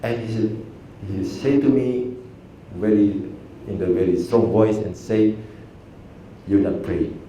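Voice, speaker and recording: A man's voice: lowish voice, unhurried. A man, an aikido teacher telling stories to an audience in simple, broken with a chuckle. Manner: lively storytelling in simple broken English, chuckling. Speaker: aikido teacher giving a talk. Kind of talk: storytelling talk to an audience. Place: cafe venue. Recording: very echoey room, distant mic, faint noise.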